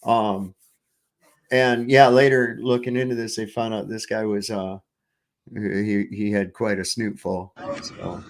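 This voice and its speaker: A man's voice: on the low side, little pitch movement, a little slow. A man hosting a livestream, talking casually and profanely over clips, often restarting and trailing off. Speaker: livestream host.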